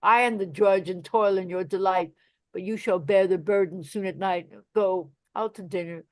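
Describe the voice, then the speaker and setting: A woman's voice: mid-range voice, moderate pace, darkish tone, no room sound, close to an everyday voice. A woman reading the part of an old, chattering female nurse, rambling and complaining with big swings in volume, in a Shakespeare play reading. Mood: teasing.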